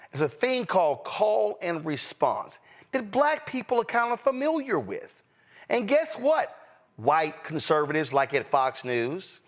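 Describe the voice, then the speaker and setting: Emphatic man with lively pitch. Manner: emphatic, preacher-like cadence. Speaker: host. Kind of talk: live political commentary.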